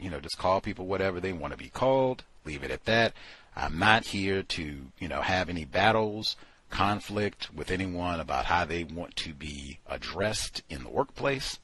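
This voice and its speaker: A man's voice: low voice, slightly rough, dry recording. A man hosting a talk show, giving casual, sardonic commentary full of asides. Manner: animated, sardonic, conversational with fillers. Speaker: radio show host.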